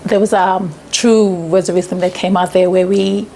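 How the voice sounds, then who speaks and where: In an interview, a woman gives an earnest, reflective testimonial about a retreat, laughing whenever she gets excited. Her voice sits at a medium pitch and moves at a moderate pace, with slight background noise.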